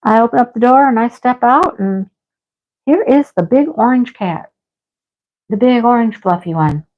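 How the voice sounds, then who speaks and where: A woman's voice: fairly high pitch, expressive, moderate pace. A middle-aged woman livestreaming from home, chatting casually and rambling through a story with scolding asides. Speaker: livestream host. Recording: slightly dull lo-fi sound.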